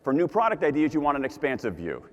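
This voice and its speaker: Guy giving a talk, kinda high voice, repeats points hard, echoing conference hall. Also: fast, muffled recording. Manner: animated, emphatic, repeats key points. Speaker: conference speaker. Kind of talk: keynote talk to a live audience. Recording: long hall reverb.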